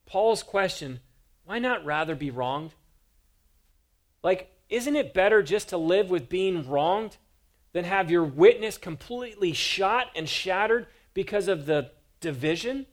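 Earnest preaching man, slightly high voice. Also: animated, measured pace. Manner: earnest, emphatic, rhetorical questions. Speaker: pastor. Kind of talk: sermon.

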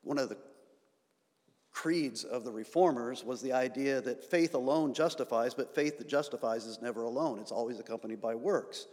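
A man's voice: mid-range voice, normal speed, darkish tone. A man pastor delivering a sermon in a church, building to emphatic, sometimes sarcastic points. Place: church sanctuary. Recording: church hall reverb.

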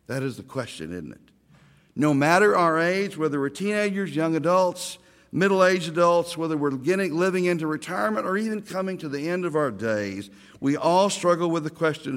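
A man's voice: fairly high pitch, animated, normal speed. Oklahoman pastor preaching in a reverberant church. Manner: storytelling with self-deprecating humor. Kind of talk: sermon.

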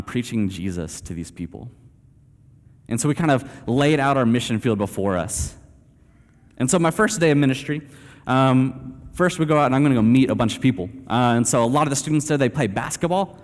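A young man from Texas telling a story in a sermon, casual and self-deprecating, dropping "man" and "like" throughout. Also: medium pitch. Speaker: preacher. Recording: reverberant hall.

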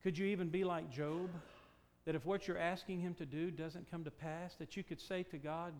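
A male preacher speaks in a high voice with a steady tone and normal speed, pelting his listeners with rhetorical questions. He stresses key words loudly before dropping low and quiet to make a point stick, his emphatic delivery swinging widely in volume.

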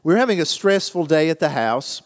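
A man's voice: on the high side, very animated, brisk. Older man preaching in a reverberant hall. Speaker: pastor. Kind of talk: scripture reading and sermon.

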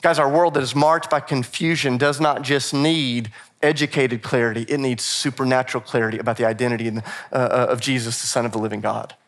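A man preaching a sermon, animated and repetitive for emphasis, acting out scripture quotes in casual voices. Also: mid-range voice, brisk. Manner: repeats phrases for emphasis. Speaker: pastor.

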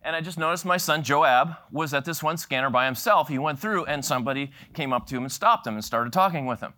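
Bright-voiced male pastor telling a story. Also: a little high, fast. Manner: animated storyteller acting out quoted voices, laughing often. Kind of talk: sermon storytelling.

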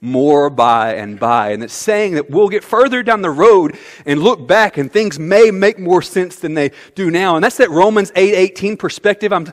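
A man preaching a sermon as pastor, animated, swinging from quiet asides to loud outbursts. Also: high voice, normal speed. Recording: long hall reverb.

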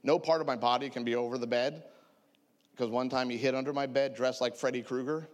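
A man in his forties preaching through a humorous personal story, animated and self-mocking, laughing often. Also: medium pitch, brisk, in a large hall, a little hiss or hum. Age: 40s. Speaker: preacher sharing testimony.

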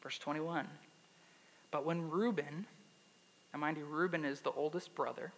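Animated preacher in a reverberant hall. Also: male voice, fairly high pitch, a little slow. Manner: animated, asks the audience questions. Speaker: pastor. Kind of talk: sermon with scripture reading.

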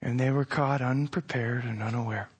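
A man giving a sermon as pastor, preaching in a conversational way, asking rhetorical questions and moving between quiet and loud passages. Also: mid-range voice, steady tone, moderate pace, husky.

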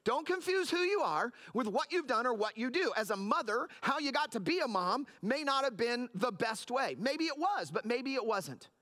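High-voiced man preaching a sermon. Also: big pitch swings, moderate pace, hardly any pauses, sharp tone. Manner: earnest, storytelling with many restarts. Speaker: pastor.

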